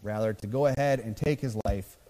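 A man's voice: fairly low pitch, a little fast, warm tone. A man preaching a sermon in a loose, conversational way, with frequent fillers, and reading scripture aloud. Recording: long reverb of a church hall.

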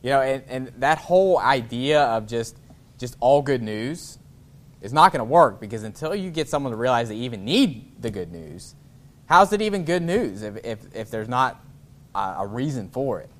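A man preaching a sermon in a relaxed, informal way, chuckling often and breaking off to restart his sentences. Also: mid-range voice. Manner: reads scripture in a slower, formal cadence. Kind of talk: sermon with scripture reading.

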